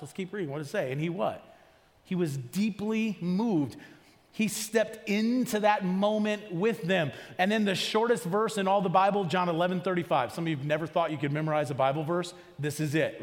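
Conversational pastor in a reverberant hall. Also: male voice, fairly high pitch. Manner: conversational preaching, asks the congregation questions. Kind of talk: sermon. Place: church auditorium.

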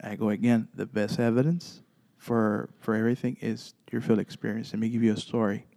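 A man with a warm, mellow voice tells stories from his paranormal investigation group in a chat. He stumbles through fillers and restarts, then slips into the voices of the people in his story. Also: fairly low pitch, steady tone. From Texas. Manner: halting, many fillers and restarts, acts out dialogue.

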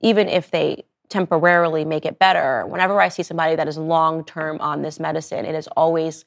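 A woman's voice: low voice, a little fast, vocal fry. A woman in her thirties hosting her own show, delivering a personal monologue and acting out the people she quotes. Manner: animated storytelling, acting out quoted voices. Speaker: podcast host.

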